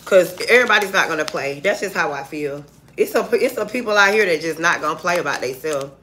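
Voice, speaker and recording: A woman with a bright, forceful voice gives a fired-up tarot reading straight to her viewers. She talks in blunt, profane street slang. A faint hiss sits under her voice. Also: on the low side, expressive, fast. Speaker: tarot reader.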